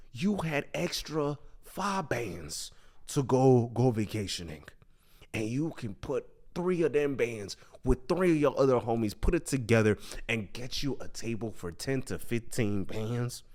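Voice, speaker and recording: A young man chatting casually on a podcast, telling stories in slangy, animated talk. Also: mid-range voice. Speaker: podcast co-host. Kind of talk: casual chat.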